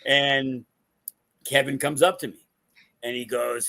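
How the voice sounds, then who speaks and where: A man's voice: mid-range voice, takes it slowly, gravelly, long pauses. A man hosting a podcast as a wrestling promoter, telling stories casually and acting out the quotes. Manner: animated, acts out quotes. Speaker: wrestling promoter and show host. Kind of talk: casual storytelling.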